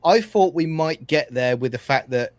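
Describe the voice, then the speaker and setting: A man's voice: on the high side, expressive, moderate pace, no room sound. A man from the UK, co-hosting a podcast and making his points earnestly with examples. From United Kingdom. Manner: earnest, opinionated, gives examples. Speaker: podcast co-host. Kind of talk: casual chat.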